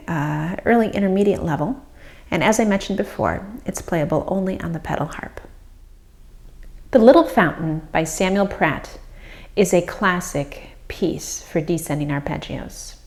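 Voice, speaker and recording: Calm woman teaching harp. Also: lowish voice, measured pace. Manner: calm and explanatory, with soft fillers. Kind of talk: instructional explanation. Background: harp playing.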